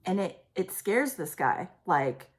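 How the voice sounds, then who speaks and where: A woman talks straight to camera through an intense psychic reading. Her voice sits a little low, and she halts, restarts and trails off often. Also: very animated, takes it slowly. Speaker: psychic reader. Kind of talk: intuitive reading on video.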